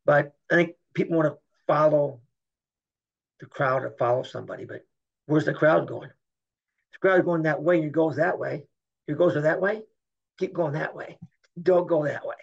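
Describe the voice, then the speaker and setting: A middle-aged man with a gravelly, husky voice, pitched a bit high, tells stories in a candid interview. He rambles and stresses his points, acting out the conversations he recalls. The audio sounds muffled and lo-fi. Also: normal speed, pauses often. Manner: rambling, emphatic, acts out dialogue. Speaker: guest, former Olympic wrestler.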